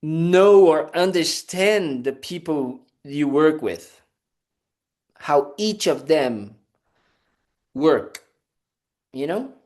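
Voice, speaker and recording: Very slow and expressive, with a darkish tone and a voice on the high side, this male Buddhist monk pauses often during a casual dharma talk. His delivery is chatty and playful, peppered with "you know" and restarts, and he acts out small scenes with "da, da, da."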